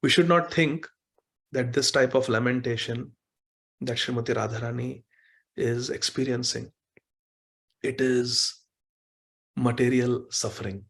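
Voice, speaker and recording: A man giving a devotional sermon who acts out quoted dialogue with emotion, often pleading and slowing down on key words. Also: mid-range voice, steady tone, gravelly, a bit bright, husky. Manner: emotive, pleading when voicing quoted lines, stretches words slowly. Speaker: speaker giving a devotional class. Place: temple hall.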